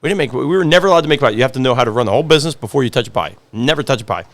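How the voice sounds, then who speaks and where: A man's voice: medium pitch, animated, very fast. A man in his forties, a podcast guest and pizzeria owner, telling stories in casual chat, repeating phrases for emphasis. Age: 40s.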